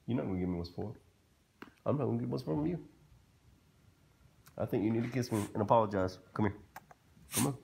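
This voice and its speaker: A man's voice: medium pitch, quick pace, vocal fry, pauses often, a little mellow, a little hiss or hum. A man talking to his pet dog in a casual home video, with playful mock-scolding and back-and-forth as if the dog answers him. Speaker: dog owner.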